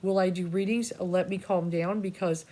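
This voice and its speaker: Warm and fairly low-pitched, her voice holds a steady tone at a moderate pace. The woman, a psychic reader, rambles through a personal monologue for her viewers, casual and freely profane, restarting sentences and drifting into asides in a scattered way.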